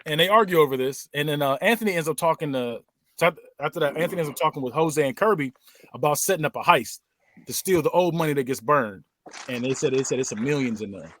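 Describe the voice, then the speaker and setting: A man hosting a podcast, casually recapping a movie plot with animated storytelling and frequent laughter. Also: fairly high pitch, fast, a little hiss or hum. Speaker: podcast host.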